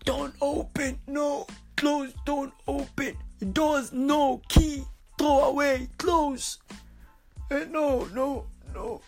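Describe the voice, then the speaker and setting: A woman voicing a stubborn, dying old male dictator who barks clipped, broken English phrases and shouts and wails. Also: high voice, steady tone, drawn-out words, faint music behind, voice pushed up, full character voice.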